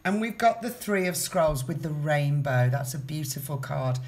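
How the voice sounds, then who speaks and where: Chatty low-voiced woman reading tarot. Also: animated, moderate pace, a little mellow. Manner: chatty, repeats phrases, addresses the viewer directly. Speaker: tarot reader. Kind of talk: casual tarot reading to camera.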